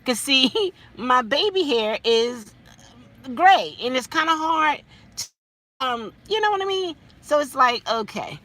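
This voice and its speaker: A woman's high-pitched, animated voice, bright and forceful, comes slowly as she chats casually on a live stream from her parked car. She's a vlogger and rideshare driver who laughs often with her viewers.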